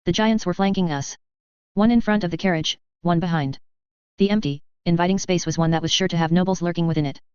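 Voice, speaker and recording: Clear, low-voiced woman reading a novel. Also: fast, a little mellow, dry recording. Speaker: audiobook narrator. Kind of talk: first-person novel narration. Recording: slightly dull, dry close recording.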